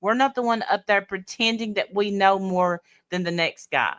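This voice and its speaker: Blunt, bright-voiced woman host. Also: mid-range voice, normal speed, dry recording, studio quality. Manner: blunt and mocking. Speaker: host reacting to a stream. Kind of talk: heated reaction commentary. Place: lives in Tennessee.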